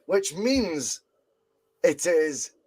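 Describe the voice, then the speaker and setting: A man co-hosting a casual podcast chat, telling stories in an animated way and swearing freely. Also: fairly high pitch, very slow, slightly rough. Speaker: podcast co-host.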